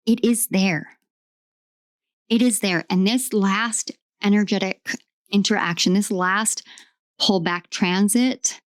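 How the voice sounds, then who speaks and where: A woman gives a tarot reading, stacking emphatic, repetitive affirmations. She speaks slowly and deliberately. Her voice is recorded close and dry. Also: mid-range voice, no room sound. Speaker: tarot reader.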